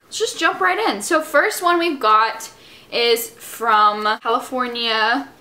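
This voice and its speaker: A woman's voice: on the high side, takes it slowly, pushed and bright. A young woman chatting casually to her viewers as she opens and reads fan mail, bubbly and full of enthusiastic asides. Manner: bubbly, chatty, lots of fillers and enthusiastic exclamations. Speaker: vlogger answering fan mail. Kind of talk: casual vlog chat.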